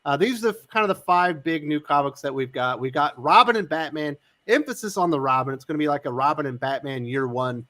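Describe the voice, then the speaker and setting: Guy hosting a live comics chat stream, kinda high voice, keeps things moving. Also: fairly bright tone. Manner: brisk, moves the panel along, asks questions. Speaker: podcast host. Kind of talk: casual live panel chat.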